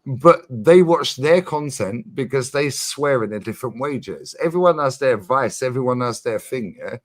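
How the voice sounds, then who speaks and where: A man hosting a casual livestream chat, animated and emphatic, swearing freely and repeating his points. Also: medium pitch, moderate pace. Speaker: streamer host.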